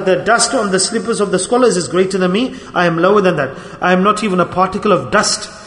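Fast emotional preacher in an echoey hall. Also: male voice, sits high, fairly bright tone. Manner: emotional, self-deprecating, pleading. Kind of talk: sermon.

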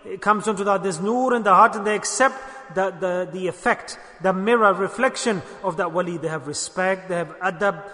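High-voiced, bright preacher in a hall. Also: male voice, normal speed, hardly any pauses. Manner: emphatic, repeats lines and asks the audience questions. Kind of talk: sermon. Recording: long hall reverb.

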